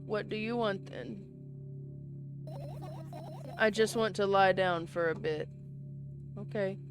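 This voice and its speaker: A woman's voice: medium pitch, takes it slowly. Female game reader, mid-range voice, performs every part herself, faint music bed. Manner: reads all parts herself, with casual asides. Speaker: game player reading aloud. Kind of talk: reading a visual novel aloud.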